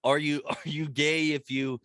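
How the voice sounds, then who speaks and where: A man's voice: a little high, little pitch movement, unhurried, fairly bright tone, no echo, studio quality. A young man hosting a podcast, telling stories in casual chat, laughing often and swearing freely. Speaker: podcast host.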